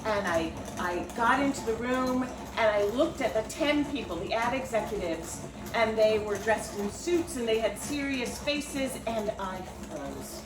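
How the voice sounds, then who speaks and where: A middle-aged woman tells a self-deprecating story from her past, slipping into the voices of the people in it. Her voice sits a touch high. She is picked up from across a roomy home kitchen, with steady noise behind her. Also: a little slow. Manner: self-deprecating, animated storytelling with acted-out quotes. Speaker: writer and storyteller. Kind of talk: personal storytelling monologue. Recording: roomy home recording from a distance, with background noise.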